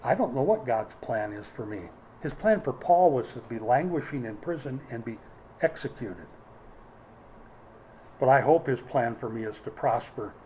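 A man's voice: mid-range voice, lively intonation, normal speed, a little mellow, slight background noise, rough recording. A man preaching a sermon, emphatic, with dry humorous asides. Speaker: pastor.

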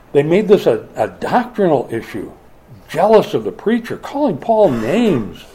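A middle-aged man preaching a sermon, telling stories and acting out the voices of other people. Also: fairly high pitch. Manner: animated storyteller who acts out other voices. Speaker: pastor.

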